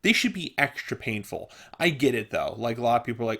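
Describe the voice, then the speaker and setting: A young man rambling through childhood stories in a casual vlog, often laughing and jumping loud and high when he acts out what people said. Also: animated, quick pace, few pauses. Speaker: vlogger. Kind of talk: casual storytelling monologue.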